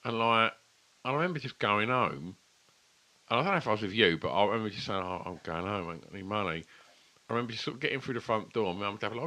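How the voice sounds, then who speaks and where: Brief: man, forties, very low voice with a lively, bright edge, rambling and sweary, podcast co-host. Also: fast talker. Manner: rambling, sweary, chatty storytelling. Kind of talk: casual chat over beers.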